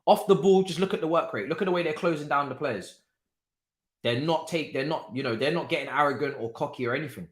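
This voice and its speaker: A young man hosting a casual live football watchalong, talking in an animated, repetitive way with lots of slang and laughter. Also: on the high side, fast talker. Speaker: watchalong host. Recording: roomy echo.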